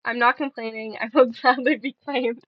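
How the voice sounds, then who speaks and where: A woman's voice: a little high, fairly even intonation, normal speed, dry recording, highs cut off. A young woman streaming and chatting casually with viewers, playful and giggly, rambling between stories.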